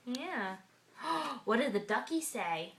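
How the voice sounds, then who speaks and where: A mother reading a picture book aloud to her baby at home, slow and coaxing in a sing-song way. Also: a little high, very animated. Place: at home, indoors.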